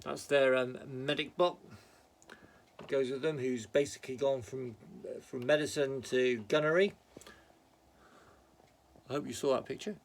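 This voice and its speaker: A British man with a British English accent vlogs from his home office about his painted miniatures in a rambling, casual show-and-tell, chatty and self-mocking, often muttering asides. His mid-range voice is gravelly and a little slow with fairly even intonation, and he pauses often over slight background noise.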